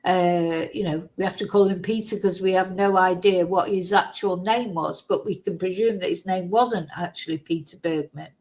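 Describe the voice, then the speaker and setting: A woman's voice: lowish voice, steady tone, moderate pace, few pauses, a little mellow, rough recording. A woman vlogger in casual chat, thinking aloud and musing through lots of rhetorical questions.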